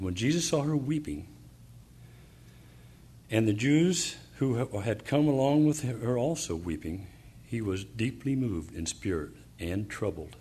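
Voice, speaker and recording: A man delivers a sermon, reading verses aloud and explaining them, often pausing with fillers and restarts before rising to fervent emphasis. His voice sits on the low side and is animated, a little mellow, and husky.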